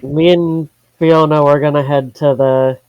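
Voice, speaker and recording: A player voicing an awkward male silver dragon cleric who speaks in a hesitant, halting way. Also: medium pitch, fairly even intonation, smooth, no echo, highs cut off, natural voice.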